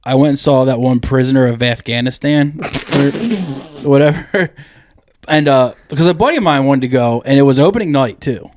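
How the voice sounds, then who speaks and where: A man's voice: mid-range voice, normal speed, background noise. Crude, joking male podcast host. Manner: crude, jokey storyteller who acts out loud quotes. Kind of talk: casual podcast banter.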